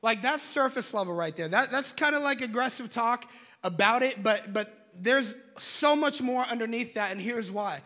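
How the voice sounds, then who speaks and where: A young man preaching a sermon in an animated, conversational way, in a large church hall. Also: very high-pitched, normal speed. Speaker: pastor. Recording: long hall reverb.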